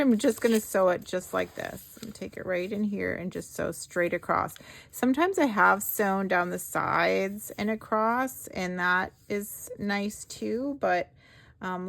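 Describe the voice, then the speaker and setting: A woman hosting a craft video, talking slowly and softly as she walks through her project with gentle enthusiasm. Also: mid-range voice, vocal fry. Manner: slow, soft-spoken, gently enthusiastic. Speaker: craft channel host. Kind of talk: craft-along narration.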